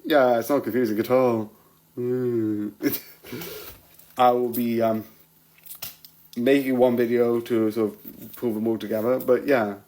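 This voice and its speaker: A man's voice: mid-range voice, fairly even intonation, takes it slowly, pauses often, darkish tone, poor audio. A man rambling casually about TV episodes, laughing often and restarting his sentences as he goes. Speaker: vlogger reviewing TV episodes.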